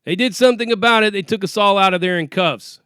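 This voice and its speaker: A man with a high, bright, forceful and smooth voice rattles quickly through tales of his jail time. He's casual, profane, streetwise, and acts out quoted speech, in clean studio sound with no room noise.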